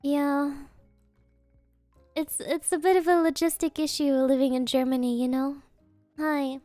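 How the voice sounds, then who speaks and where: Playful woman streamer, high voice, unhurried, dry close sound. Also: little pitch movement, darkish tone, no echo, soft background music. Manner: playful, giggly, silly joking answers. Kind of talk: casual live Q&A chat.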